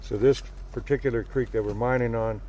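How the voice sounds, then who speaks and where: A man who works as a gold miner, telling a story in a blunt, profane, animated way, recorded outdoors at a mine site. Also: mid-range voice, brisk, slight background noise. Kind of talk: casual storytelling.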